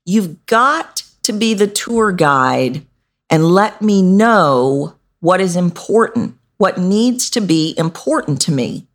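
Low-voiced woman coaching with animated emphasis. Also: slow pace. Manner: animated, demonstrative, swoops up to stress words. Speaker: voice coach and podcast host. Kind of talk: instructional podcast talk.

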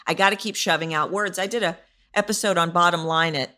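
Low-voiced woman coaching on vocal delivery. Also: fairly even intonation, fairly quick, bright, forceful tone. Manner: emphatic, repetitive, demonstrates vocal delivery. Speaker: podcast host, voice coach. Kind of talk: solo podcast teaching.

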